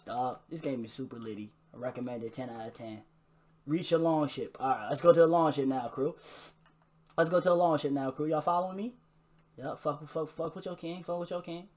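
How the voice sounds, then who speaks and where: A man giving excitable live gameplay commentary, trash-talking and bursting into shouts during fights. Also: a little high, fairly quick. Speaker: gamer. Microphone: new desk mic.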